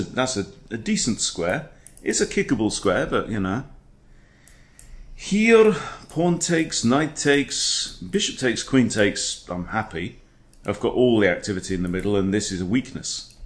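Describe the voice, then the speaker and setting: Chatty man, lively low voice. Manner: playful, chatty, throws in silly impressions. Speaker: chess coach. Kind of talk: casual game commentary.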